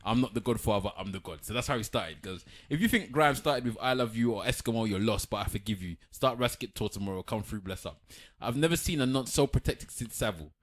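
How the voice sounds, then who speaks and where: A man's voice: on the low side, fast, hardly any pauses. A man co-hosting a podcast, chatting casually and retelling stories with quotes. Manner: animated storytelling, reads out quotes. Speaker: podcast co-host. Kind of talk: casual chat.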